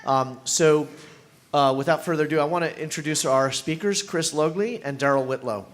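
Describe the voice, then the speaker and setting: A man's voice: fairly high pitch, moderate pace, slight background noise. A man moderating a panel, briefly introducing the speakers.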